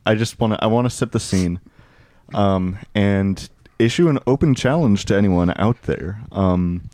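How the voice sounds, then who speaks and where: A young man co-hosting a loose podcast, telling a story in a rambling way with fillers and laughs. His voice sits low, and the sound is dry and close with no room in it. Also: unhurried, darkish tone, dry recording. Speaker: podcast host. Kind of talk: casual podcast chat.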